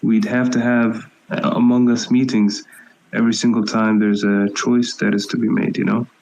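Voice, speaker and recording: A man with a low voice teases and jokes sarcastically in a loose group chat. The sound is dull and lo-fi, as if from a cheap mic. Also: flat delivery, moderate pace, creaky, darkish tone. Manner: teasing, sarcastic. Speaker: participant. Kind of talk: joking casual chat. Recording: dull lo-fi audio.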